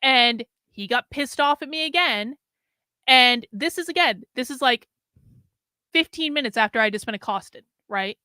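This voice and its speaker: A woman's voice: a little high, moderate pace, smooth, no echo, studio quality. A woman hosting a podcast, telling a rambling story in casual talk, swearing often and filling her sentences with "like". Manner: profane, rambling, heavy use of filler "like"; animated retelling with quoted inner thoughts. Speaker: podcast host.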